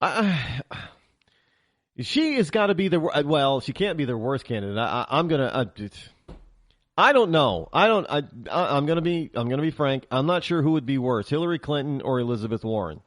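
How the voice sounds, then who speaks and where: A man's voice: mid-range voice, very animated, a little fast, no echo, studio quality. A man hosting a political talk show, ranting heatedly in a monologue and often stammering and restarting.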